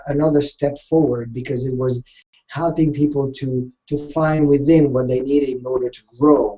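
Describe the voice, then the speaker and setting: A man's voice: medium pitch, mellow, low-quality recording. Hesitant man with a French accent. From Switzerland. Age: middle-aged. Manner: hesitant, many fillers and restarts. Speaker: guest, career and training consultant. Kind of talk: interview answers.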